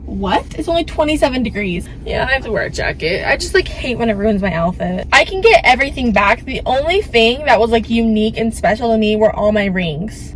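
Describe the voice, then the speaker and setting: A woman's voice: on the high side, lively intonation, a little fast, a bit bright, low-quality recording. A young adult woman vlogger telling a story casually to a phone camera, with joking asides to the viewer.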